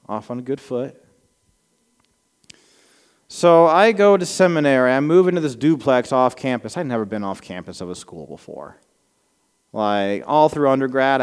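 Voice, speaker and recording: A man's voice: medium pitch, clear, resonant tone. A man in his thirties preaching a sermon to a congregation, telling personal stories in a conversational, self-deprecating way with a slight Southern American accent. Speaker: pastor. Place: church sanctuary before a congregation. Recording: long reverb of a large hall.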